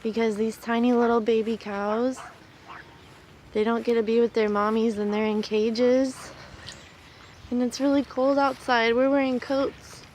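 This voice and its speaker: A woman's voice: on the high side, little pitch movement, unhurried, a little mellow, slight background noise. A woman, a mother and vlogger, talking tenderly and with distress to her child outdoors on a cold farm. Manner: tender, upset, pleading. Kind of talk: emotional outdoor vlog talk to her child.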